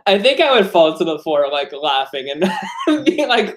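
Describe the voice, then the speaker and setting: A man's voice: on the high side, big pitch swings, a little slow, fairly bright tone. A man co-hosting a casual comedy podcast, laughing often as he talks. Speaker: podcast co-host.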